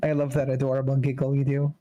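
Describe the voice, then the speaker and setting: A co-player on a game stream, chatting and teasing in a relaxed, drawn-out way. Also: medium pitch, lo-fi sound. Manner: slow, drawn-out joking delivery. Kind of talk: casual chat while gaming.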